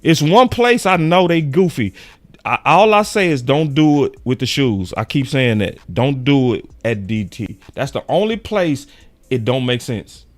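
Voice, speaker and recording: A young man hosting a sports show in casual, animated chat, full of slang and quick laughs. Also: medium pitch. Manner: animated, slangy, laughs often, quotes fans in raised voice.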